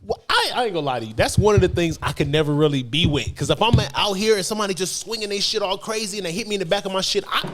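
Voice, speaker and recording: A man co-hosting a podcast in casual chat, animated and profane, swinging between loud outbursts and low mumbles. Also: very fast, hardly any pauses. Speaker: podcast co-host.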